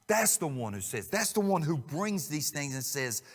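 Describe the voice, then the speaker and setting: A man preaching a sermon as a guest speaker, folksy and conversational, dropping to a hush and rising loud as he acts out quotes. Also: fairly high pitch, very animated, normal speed, husky. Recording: long reverb of a church sanctuary.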